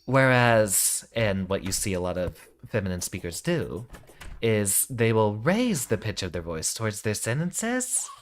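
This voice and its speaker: Deep-voiced male streamer, melodic cadence. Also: slight background noise. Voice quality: deep voice from the back of the throat. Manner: melodic rise and fall, drops pitch at sentence ends. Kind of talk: casual stream talk about voice technique.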